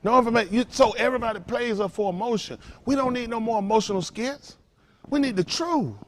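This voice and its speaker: A very high-pitched male pastor preaches fast, with a little hiss or hum in the audio. He leads his congregation in call-and-response, fires rhetorical questions, and veers between loud emphasis and quiet lines.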